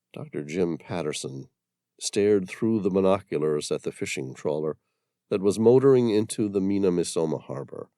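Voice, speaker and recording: A man narrates a thriller with measured drama, his low voice moving expressively through each line. The studio recording is close and dry. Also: expressive, mellow, no room sound. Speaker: audiobook narrator.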